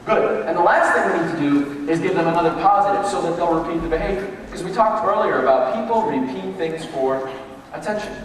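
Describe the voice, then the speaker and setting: A man leads a motivational workshop for a group, telling stories with animated delivery. His pitch sits high and swings widely as he acts out each quote. He is caught from far off in a big, echoing hall with faint room noise behind him. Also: a little fast. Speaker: leadership workshop presenter. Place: large room with tables, echoey.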